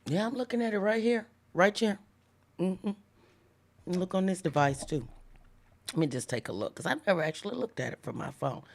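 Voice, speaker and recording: A woman hosting a live devotional stream, talking casually with viewers and slowing down to stress key lines. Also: fairly low pitch, lively intonation, gravelly. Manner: chatty, reads viewer comments aloud, slows down for emphatic lines. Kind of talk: casual livestream devotional preaching.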